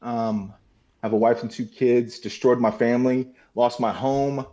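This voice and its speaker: A man's voice: mid-range voice, fairly even intonation, unhurried, dark tone, lo-fi sound. A man sharing his recovery story in a video-call meeting, candid and emotional, swearing freely. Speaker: meeting participant. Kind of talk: personal recovery share.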